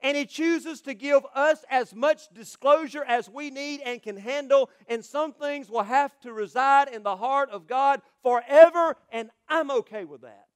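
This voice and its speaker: High-voiced pastor preaching with force. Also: male voice, unhurried, few pauses. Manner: swings between loud proclamation and quiet asides. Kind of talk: sermon.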